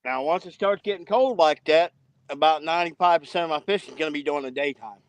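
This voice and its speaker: Guy guest on a stream, talks fast, friendly, dry close sound. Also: a little high, clear, resonant tone, dry recording. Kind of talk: casual chat.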